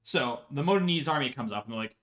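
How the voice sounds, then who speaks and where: A man's voice: mid-range voice, animated, quick pace, fairly bright tone. A man telling a history story for laughs in a profane, rambling way, often checking in with "right?". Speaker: podcast host.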